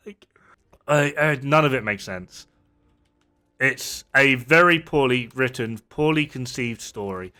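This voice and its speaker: A man's voice: mid-range voice, normal speed, long pauses, sharp tone. A man ranting casually as a streamer, exasperated and sarcastic, swearing freely. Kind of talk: casual gameplay rant.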